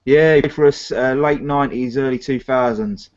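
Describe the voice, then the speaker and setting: A man's voice: mid-range voice, normal speed, darkish tone. A man co-hosting a casual live-stream chat, rambling and retelling stories with many restarts. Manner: chatty, rambling with restarts and retold dialogue. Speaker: co-host of a film review live chat. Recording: muffled lo-fi live stream audio.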